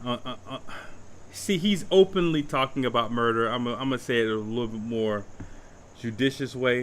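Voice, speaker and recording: A man's voice: mid-range voice, fairly bright tone, a little hiss or hum. A young man giving blunt, profane casual commentary, often repeating phrases as he picks his words. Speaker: commentator reacting to a livestream.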